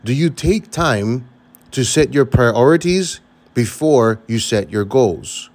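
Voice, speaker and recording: A man's voice: mid-range voice, lively intonation, takes it slowly, darkish tone. A man hosting a leadership podcast, talking earnestly and emphatically, often repeating words for stress. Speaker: podcast host. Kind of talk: motivational podcast talk.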